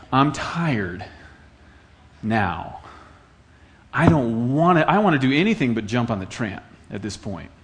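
A middle-aged man from Iowa preaching a sermon in an earnest, conversational way, telling stories and repeating phrases for effect. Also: mid-range voice. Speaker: pastor.

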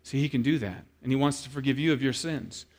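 A pastor with a mid-range voice talks fast as he preaches a sermon, animatedly telling a story and acting out the quoted voices. He then turns quiet and earnest as he addresses the congregation.

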